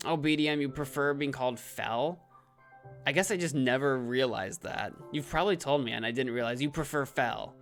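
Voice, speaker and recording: A man's voice: mid-range voice, normal speed, fairly bright tone. Chatty man streaming a game, faint music. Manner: chatty, self-deprecating, reads chat aloud. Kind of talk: live-stream gameplay commentary.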